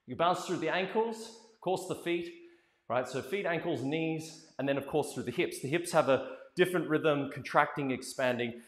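Energetic middle-aged man coaching in an echoey hall. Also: fairly high pitch, normal speed. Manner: energetic coaching, calls out counts and step names. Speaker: dance teacher. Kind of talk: live dance lesson. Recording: echoey hall with music playing.

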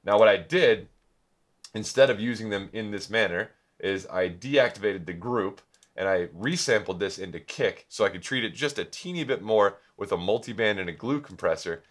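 A man's voice: lowish voice, a bit bright. A young man hosting a casual music production tutorial, rambling and joking about himself with plenty of ums. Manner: rambling, self-joking, many filler ums. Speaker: music producer and video host.

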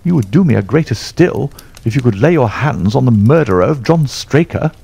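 A man doing an agitated old colonel, pitched high. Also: lively intonation, normal speed, creaky, mellow, husky. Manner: raised, strained, exclamatory. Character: agitated older male racehorse-owning colonel. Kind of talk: audiobook character voice.

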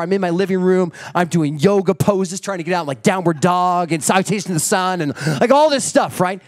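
A middle-aged man preaching a sermon, telling a story with animated energy and acting out family members. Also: high voice, fairly quick. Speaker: pastor.

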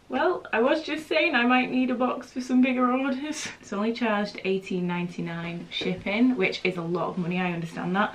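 A woman who owns a small business, chatting casually to the camera in her home studio, excitable and giggly. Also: mid-range voice, slight background noise, poor audio. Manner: excitable, giggly, talks to camera while packing. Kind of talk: casual vlog chat.

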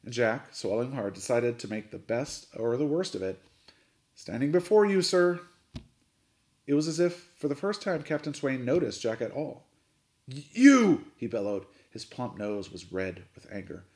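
Casual: guy reading a kids book out loud, pitch all over, really expressive. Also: moderate pace, hardly any pauses. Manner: expressive storytelling. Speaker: coach reading aloud. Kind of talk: reading a children's novel aloud.

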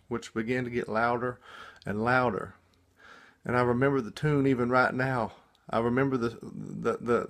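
A man shares a dream in a relaxed, unscripted way, still freshly awake. He talks at a medium pitch and keeps restarting his sentences, repeating small words as he searches for what to say. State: just woken up. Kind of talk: casual spoken testimony.

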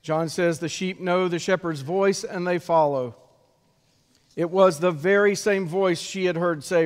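A male pastor delivering an Easter sermon in a slow, measured way with dramatic pauses, in a church sanctuary. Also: high-pitched. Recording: long reverb of a church sanctuary.

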